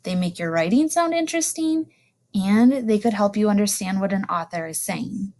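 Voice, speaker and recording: A woman teacher giving a recorded lesson to young students, saying each new word slowly and clearly twice, with delighted exclamations. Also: mid-range voice, expressive, a little mellow. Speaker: elementary school teacher.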